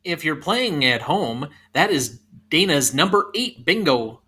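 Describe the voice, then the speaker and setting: A man's voice: a little high, big pitch swings, unhurried, bright, forceful tone, breathy edge. A man co-hosting a movie podcast who teases his co-host in a wry way and moves the show along. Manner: wry, teasing. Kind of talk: casual movie podcast chat.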